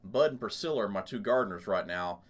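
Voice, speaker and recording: A man's voice: on the low side, animated, quick pace. A man hosting a gaming channel, casually talking through his let's play with lots of fillers. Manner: rambling, chatty, lots of fillers.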